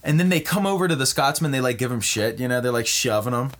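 A man spinning a crude, rambling comedy pitch for his co-host, animated and full of asides. His voice sits mid-pitch, and he talks casually, as on a podcast. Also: fast.

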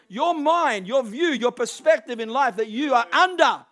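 A man preaches a sermon in a rather high voice. He leans hard on key lines and swells to forceful peaks, slipping into quick acted-out voices for the people he quotes. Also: lively intonation.

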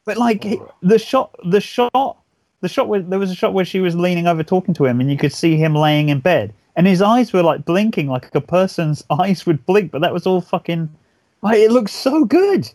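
On a podcast, a male co-host chats casually about horror film effects in a film review conversation. His high voice is a little fast and a little mellow with no echo, and he rambles enthusiastically, swearing often as he restarts sentences.

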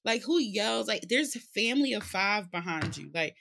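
A woman co-hosting a relaxed conversation, telling stories expressively. Her pitch rises and falls widely, and her bright tone cuts through clearly. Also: moderate pace. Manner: expressive, laughing storyteller. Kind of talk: casual chat.

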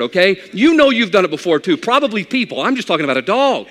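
A pastor preaching a sermon in a conversational, folksy way with bits of humor. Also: male voice, high-pitched, very animated, fast talker, a bit bright, long reverb tail.

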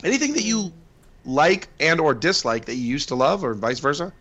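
A man chats as a podcast co-host, his pitch rising and falling a lot as he tells stories. He rambles, stopping to restart his sentences and filling the gaps with ums and uhs. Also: sing-song, normal speed, a bit bright. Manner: rambling, many fillers and restarts. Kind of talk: casual chat.

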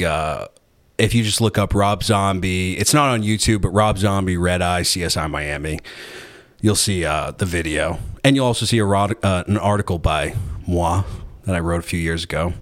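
A man with a lowish voice rambles through an anecdote in casual podcast chat. His delivery is sarcastic and laced with swearing, full of asides and restarts. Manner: sarcastic, profane, rambling storyteller.

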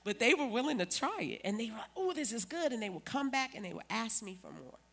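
A woman's voice: on the high side, very animated, quick pace, creaky, fairly bright tone, husky. A woman giving an emphatic, preachy church testimony as a guest.

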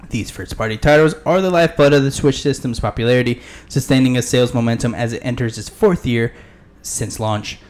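A man's voice: medium pitch, a little mellow. A man co-hosting a gaming podcast, chatting casually and reading news articles aloud. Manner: chatty, laughs easily, reads articles aloud. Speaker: podcast co-host.

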